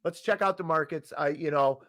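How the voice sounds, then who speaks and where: A man's voice: a little high, moderate pace, fairly bright tone, no room sound. A man hosting a finance show, ranting heatedly with frequent restarts and apologies. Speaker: podcast host.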